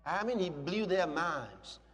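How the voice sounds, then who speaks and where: A man preaching a sermon in a high, animated voice that swoops up and down. He lingers on every phrase, building to emphatic shouts. The sound carries a long hall reverb with soft music underneath. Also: breathy edge. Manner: emphatic, rising to shouts, slow drawn-out phrases.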